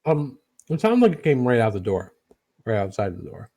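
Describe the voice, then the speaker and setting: A man running a tabletop game as game master, talking with many pauses and fillers. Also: mid-range voice, sing-song, warm tone.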